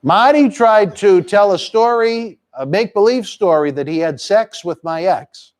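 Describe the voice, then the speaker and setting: A man's voice: high-pitched, animated, measured pace. A man hosting a live wrestling chat stream, rattling off promotions and crude jokes. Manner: brash promotional patter and crude teasing. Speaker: host.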